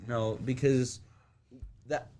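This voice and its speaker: A man's voice: medium pitch, fairly even intonation, darkish tone, a little hiss or hum. A young man co-hosting a podcast, bossy and prone to interrupting in casual comedic banter. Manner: bossy, interrupting, quick to veto. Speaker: podcast co-host.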